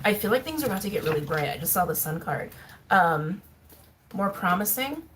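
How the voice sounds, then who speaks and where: A woman giving a casual tarot reading to her viewers, talking in a chatty, musing way with fillers and soft laughs. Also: lowish voice, sing-song, fairly quick. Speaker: tarot reader. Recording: faint background noise and clicks.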